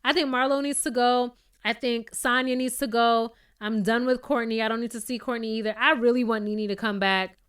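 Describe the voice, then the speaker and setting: A young woman tears through a reality TV recap in a casual, opinionated rant. Her voice sits a little high and sounds smooth and clear, and she leans on pointed rhetorical questions. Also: fairly even intonation, fairly quick, few pauses, a bit bright. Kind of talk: casual ranting show recap.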